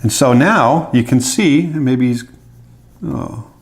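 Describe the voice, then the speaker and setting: A man's voice: mid-range voice, takes it slowly. A middle-aged man, an animator, casually talking through his drawing as he sketches, thinking aloud. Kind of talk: drawing tutorial narration.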